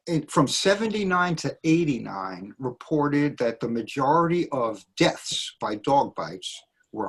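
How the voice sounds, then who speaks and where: A man on a dog trainers' panel, chatting casually and telling animated stories, acting out the people he quotes. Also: on the high side, breathy edge. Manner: animated storyteller, acts out quotes.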